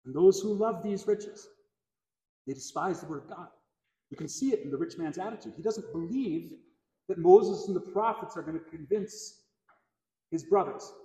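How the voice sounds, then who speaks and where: A man's voice: sits high, moderate pace, mellow. A man preaching a sermon as pastor, earnest, repeating key phrases for emphasis, recorded in a church. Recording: echoey church hall, long reverb.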